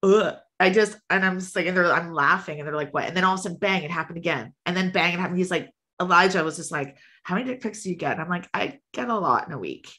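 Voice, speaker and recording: A woman's voice: on the low side, fast talker, few pauses, sharp tone. A woman in her thirties, a podcast guest, chatting candidly and acting out quotes in her stories with laughs. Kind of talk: candid casual chat.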